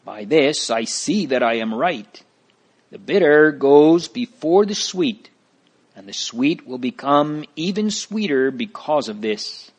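A man's voice: fairly high pitch, expressive, slow pace, voice pushed up. A man reading a story aloud, voicing a grieving but determined woman setting out on a journey. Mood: earnest. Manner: earnest, resolute.

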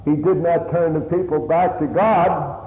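An earnest man preaching a sermon in a fairly high voice, pushing up for emphasis and sinking low for quieter reflection. He sounds like he is in a large reverberant hall. The sound is thin and phone-like. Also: fairly even intonation, a little slow. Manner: earnest, plain-spoken, rising and falling emphasis. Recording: echoey hall on a tinny line.

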